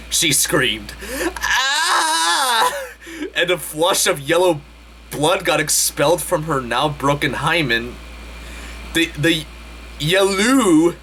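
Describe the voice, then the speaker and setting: A man hosting a comedic dramatic reading, deadpan and slow, with exasperated asides. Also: mid-range voice, slight background noise. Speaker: host.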